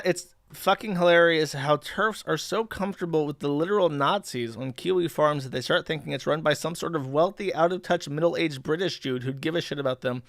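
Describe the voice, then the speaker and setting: Male streamer in his thirties, slightly high voice, dry close mic, sneering and profane. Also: a bit bright, dry recording. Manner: sarcastic, profane, mocking. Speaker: livestream host. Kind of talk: casual commentary reading posts aloud.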